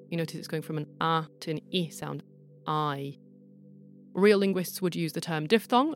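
A woman hosting a podcast, giving scripted documentary narration in an explanatory way with playful asides. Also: on the low side.

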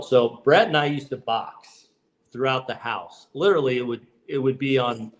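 Man telling stories in relaxed chat. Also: medium pitch, moderate pace. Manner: relaxed, many restarts and "you know"s. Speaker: baseball manager and guest. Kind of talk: casual podcast storytelling.

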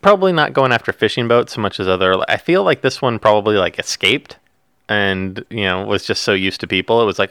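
Low-voiced man reading headlines wryly. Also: brisk, a bit bright, clean tone, no room sound, studio quality. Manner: wry, reads headlines aloud with jokey asides. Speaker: podcast co-host. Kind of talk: casual news chat.

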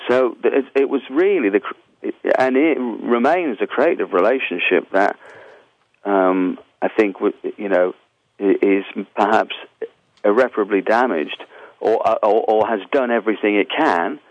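An English man answering interview questions in a halting, rambling way, full of restarts. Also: fairly low pitch, dry recording, muffled recording. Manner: halting, many restarts and fillers. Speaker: musician guest.

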